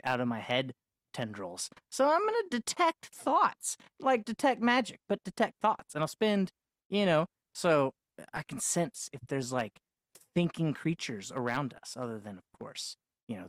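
A woman's voice: extremely low pitch, dry recording. A woman playing a tabletop game talks her choices through aloud, full of little fillers. Her voice is recorded dry and close, with no room around it. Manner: chatty, thinking aloud with fillers. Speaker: player. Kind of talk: casual tabletop play.

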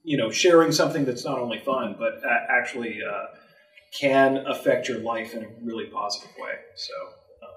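Older male panelist, halting and self-deprecating, distant in a roomy hall. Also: mid-range voice, fairly bright tone. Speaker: game master on a convention panel, moderator. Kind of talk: casual panel talk. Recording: roomy, from far off the mic.

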